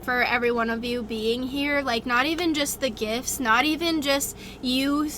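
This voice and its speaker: A woman's voice: high-pitched, normal speed, sharp tone, slight background noise. A young woman streamer thanking her viewers, crying and effusive. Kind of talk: live stream chat.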